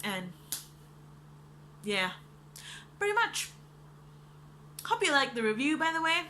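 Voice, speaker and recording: An animated young woman rants through a book review in a casual chat. Her voice is bright and fairly high, she swears freely and says "like" a lot, and a faint hum sits behind her. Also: slow pace. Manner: animated and ranting, swears freely, many likes.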